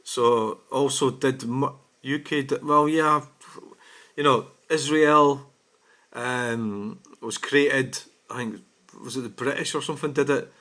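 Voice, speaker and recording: A man's voice: mid-range voice, fairly even intonation, slow pace, pushed and bright. A Scottish man giving blunt, exasperated casual commentary on comments he has received, swearing freely. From Scotland. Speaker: vlogger.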